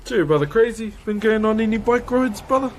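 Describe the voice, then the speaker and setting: A man's voice: high-pitched, expressive, brisk, darkish tone, a little hiss or hum. A man chatting casually on a live stream while woodcarving, laughing often and greeting viewers. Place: carving workshop.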